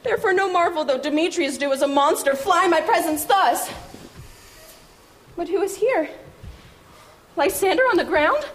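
Woman doing a heartsick young woman feeling sorry for herself, very high pitched, kinda wry. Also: lively intonation, moderate pace, long pauses, a bit bright, a little hiss or hum. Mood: plaintive. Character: lovelorn young woman, self-pitying and wounded. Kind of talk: Shakespeare stage reading.

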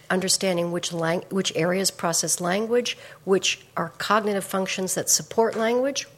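A woman with a raspy voice giving a lecture, explaining slides with small restarts. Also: on the low side. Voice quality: gravelly. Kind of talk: public lecture.

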